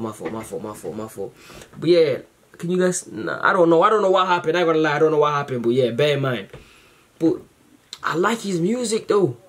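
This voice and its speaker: A man hosting a reaction video, chatting casually to camera in a rambling, slangy way full of fillers, excited and grateful. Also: fairly high pitch, breathy edge.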